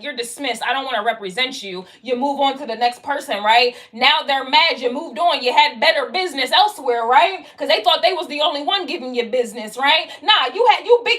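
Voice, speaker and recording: This woman's voice sits high and a bit bright as she gives a casual tarot reading. She talks directly to the viewer, blunt, slangy, and profane, driving her point home repeatedly.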